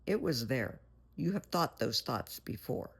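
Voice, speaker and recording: A woman's voice: a bass voice, very animated, unhurried, husky. A woman therapist giving blunt, plain-spoken advice in a monologue, calling the listener "honey". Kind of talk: motivational monologue.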